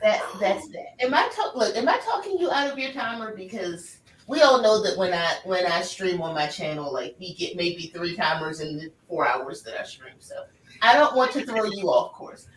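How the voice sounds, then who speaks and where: A woman's voice: lowish voice, normal speed, distant mic, slight background noise. A woman chatting casually on a stream, from the American South, laughing often and talking expressively. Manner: laughs a lot, lively and expressive. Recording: echoey room, voice off-mic.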